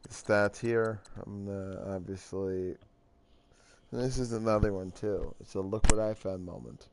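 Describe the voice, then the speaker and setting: A tired man talking slowly through a football video game recap. His speech is halting and trails off, his voice a little low, and steady hiss runs underneath. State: tired, yawning. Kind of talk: casual game commentary. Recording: clear background noise.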